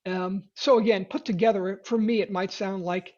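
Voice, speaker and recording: A man teaching sales prospecting in a webinar, talking in a lively way with quick restarts. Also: high voice, muffled recording. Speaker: sales trainer.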